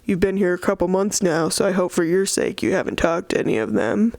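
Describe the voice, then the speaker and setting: A woman's voice: on the low side, fairly even intonation, fairly quick, darkish tone, no echo, close to an everyday voice. A woman reading aloud and voicing a bossy, protective older brother in a curt, commanding way.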